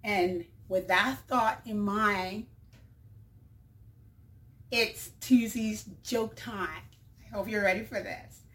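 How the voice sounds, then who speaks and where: A woman's voice: medium pitch, fairly even intonation, slow pace, pauses often, a bit bright. A woman, a mother, hosting her own show in a casual monologue, chatty and full of fillers, often laughing. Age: adult mother. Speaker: show host.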